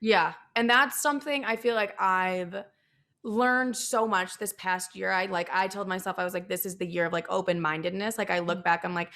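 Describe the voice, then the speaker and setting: A woman's voice: medium pitch, normal speed, a bit bright. A woman in casual podcast conversation, chatty, acting out her own past thoughts as little quotes.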